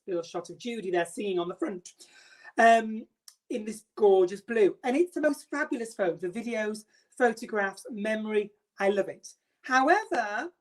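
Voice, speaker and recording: A middle-aged woman hosting a makeup live stream, theatrical and self-mocking, greeting viewers by name. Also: medium pitch.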